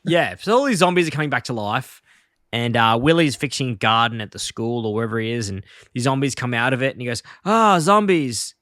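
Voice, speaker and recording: A man in a casual podcast chat, loosely retelling episode plots and filling his pauses with ums and uhs. His voice sits at an ordinary middle pitch. The sound is dry and close, with no room echo. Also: fairly bright tone. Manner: rambling retelling of episode plots, many fillers. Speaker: podcast co-host.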